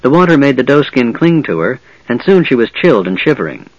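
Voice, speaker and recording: Man reading a fantasy audiobook, steady and measured, muffled dry sound. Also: mid-range voice, dry recording. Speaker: audiobook narrator. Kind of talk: scripted fantasy narration.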